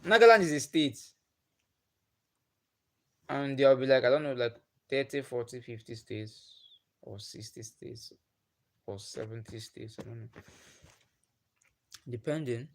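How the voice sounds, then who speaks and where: A young Nigerian man, Igbo by first language and with a Nigerian accent, hosts a livestream and chats casually with viewers. His medium-pitched voice moves a little slowly, with long pauses, and he repeats himself often.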